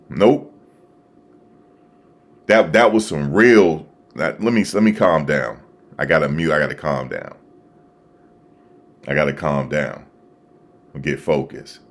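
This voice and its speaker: A man hosting a live stream, talking casually and excitedly to his viewers, repeating himself as he reacts. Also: deep voice. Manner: animated, repetitive, talking to chat viewers. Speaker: livestream host. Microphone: desktop USB microphone.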